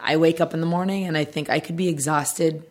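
A woman with a very low voice, talking as a guest in a relaxed interview. She sounds tired and slightly hoarse, but speaks in an earnest, reflective way. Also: fairly quick. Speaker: actress guest. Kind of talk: casual interview chat.

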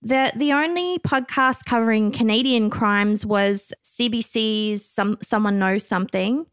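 A woman's voice: on the high side, unhurried, clean tone, no echo, studio quality. A woman with an Australian accent, a guest on a podcast, telling her story earnestly in casual chat.

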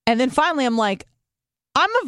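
A woman's voice: high voice, brisk, smooth, no echo, clean studio sound. A woman co-hosting a podcast, telling a story in casual comedic style, swearing freely and acting out both sides of the dialogue. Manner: animated, profane, acts out both sides of dialogue. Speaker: podcast co-host.

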